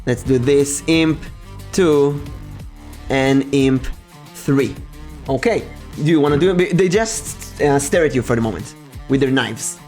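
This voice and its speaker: A man's voice: medium pitch, measured pace, darkish tone, soft background music. Laughing man running a tabletop game. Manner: laughs often, restarts, casual. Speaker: game master.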